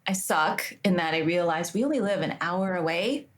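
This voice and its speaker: A middle-aged woman co-hosting a podcast in casual chat, chatty and self-mocking, full of quick asides. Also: fairly low pitch, a crowd in the background. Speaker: podcast co-host, illustrator.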